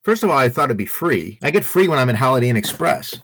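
A man's voice: medium pitch, big pitch swings, fast, fairly bright tone, no room sound. Wisconsin guy chatting, laughs a lot, dry close sound. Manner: chatty storyteller, laughs often. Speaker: county party chairman. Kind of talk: casual conversation.

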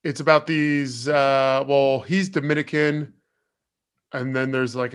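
A man co-hosting a podcast, reviewing a film in a relaxed, halting way with "uh" and "um". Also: medium pitch, smooth. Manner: relaxed, hesitant with "uh" and "um". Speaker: podcast co-host. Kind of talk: casual review chat.

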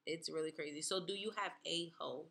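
A woman co-hosting a casual podcast chat, playful and teasing with quick asides. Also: low voice, creaky, a bit bright. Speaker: podcast co-host.

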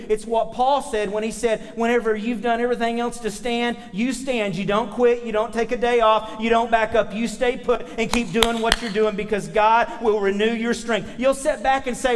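A man's voice: very high-pitched, steady tone, normal speed, big-room sound. A man preaching a sermon as pastor, talking casually with the congregation and asking them for amens.

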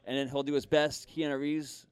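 A male comedian and ventriloquist telling a story in a casual, animated way, often restarting his sentences. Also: mid-range voice, normal speed, smooth, no room sound.

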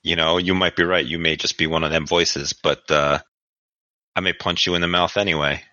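A man playing a tabletop horror game, talking in gruff, joking banter about his character's actions. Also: deep voice, flat delivery, a little fast, bright, forceful tone, no room sound, dull audio. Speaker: player. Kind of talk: casual tabletop game play.

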